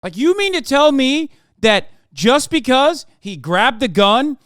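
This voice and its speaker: A man with a very high, smooth, resonant voice reacts to the news on a live stream. His commentary is casual, sarcastic and rambling, full of mocking asides, and he sounds close and dry. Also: sing-song, takes it slowly, fairly bright tone, dry recording.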